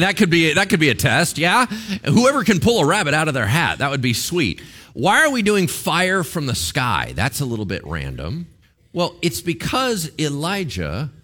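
A man preaching a sermon, animated and joking, acting out voices as he tells a Bible story. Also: medium pitch. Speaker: pastor.

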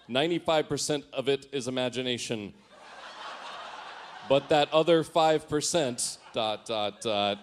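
A man's voice: mid-range voice, measured pace. A man giving a comic reading of his teenage diary. He mocks his own writing and laughs at himself as he goes. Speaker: storyteller.

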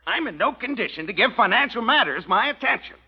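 Raspy, high-voiced, blustering rancher, 1940s radio drama, dull lo-fi old recording. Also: male voice, sing-song, quick pace, full character voice. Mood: demanding. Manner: blustering, ranting, self-pitying. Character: hot-tempered rancher hounding a widow for money.

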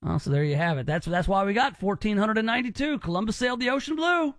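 A man's voice: high voice, fast, a bit bright, no room sound. A man hosting a call-in radio show, rambling and teasing with lots of restarts. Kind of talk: joking call-in radio banter.

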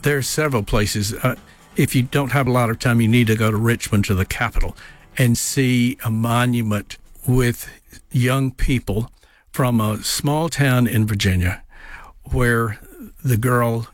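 A man's voice: mid-range voice, unhurried, no echo. Male guest telling history anecdotes. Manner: anecdotal storyteller with frequent fillers. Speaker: guest, tourism director and author. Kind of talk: radio interview.

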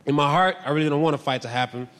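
A man doing a stand-up comedy set on stage, animated and breaking into loud shouted bits. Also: a little high, racing. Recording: reverberant hall with faint ambience.

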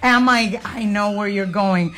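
A woman's voice: medium pitch, normal speed. Woman from Puerto Rico talking openly. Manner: earnest, open about grief, animated when quoting her kids. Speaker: podcast co-host. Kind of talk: candid conversational chat.

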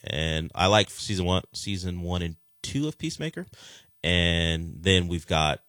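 A man's voice: low voice, expressive, a little slow, fairly bright tone, no echo, clean studio sound. A man hosting a sports talk radio show, chatting casually and rambling with frequent restarts.

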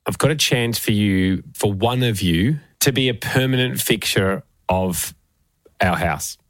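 A man's voice: lowish voice, measured pace, no echo. A man co-hosting a casual chat, telling stories and acting out what others said. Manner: storytelling, quoting others in put-on voices. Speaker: podcast co-host.

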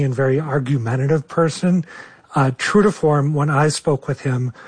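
Man, news reporter, husky strained voice, dry close mic. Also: fairly high pitch, dry recording. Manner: apologetic, measured explanation. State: losing his voice. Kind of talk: news interview.

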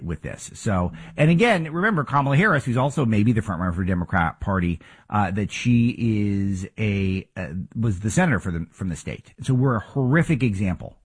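A male talk host with a husky, slightly rough voice, pitched a little low. He argues his points emphatically and fires off rhetorical questions in a political commentary monologue.

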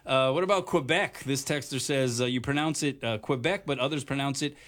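A man from Hawaii hosts a relaxed sports talk show. He speaks in a halting, stop-start way, leaning on lots of fillers. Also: medium pitch. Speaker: radio show host.

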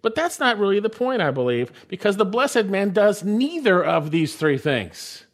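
A man preaching a sermon in a slightly higher voice. He reads scripture aloud and lifts his voice to stress the key phrases. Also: very animated, normal speed. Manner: emphatic, rising on key phrases. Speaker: pastor.

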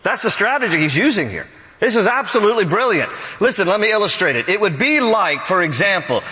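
A male pastor preaching an animated sermon, acting out quotes from the scripture and his own examples. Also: high voice, a little fast, in a large hall, poor audio.

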